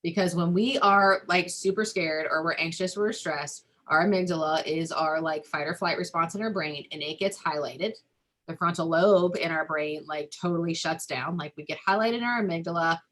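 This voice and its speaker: A woman's voice: on the low side, moderate pace, a bit bright. A woman family therapist explaining ideas in a webinar-style talk, loose and conversational, with lots of "like" and "um.". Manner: talks through ideas with frequent "like" and "um" fillers.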